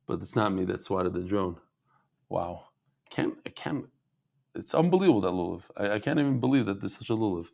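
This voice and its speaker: A man teaching a Talmud class, telling stories with animated asides and acted-out voices. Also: fairly low pitch, normal speed, vocal fry, long pauses. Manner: animated storytelling, acts out voices, laughs.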